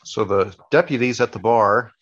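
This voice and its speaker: A man's voice: medium pitch, moderate pace, lo-fi sound. A man wisecracking and laughing while commenting on a horror film. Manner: dry wisecracks, frequent laughter. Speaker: co-host reacting to a film. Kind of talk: casual movie commentary.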